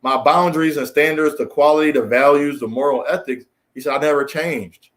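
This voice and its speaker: A man's voice: a little fast, a bit bright. Impassioned man. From United States. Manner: preachy and emphatic, with surges of high-pitched exasperation and repeated phrases. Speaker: commentary channel host. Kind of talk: impassioned solo monologue.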